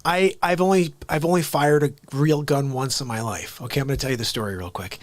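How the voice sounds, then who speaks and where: A man hosting a live stream, telling a story in a casual, animated way and acting out the people in it. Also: mid-range voice, fairly quick, no echo. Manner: animated storyteller, acts out voices. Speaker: host.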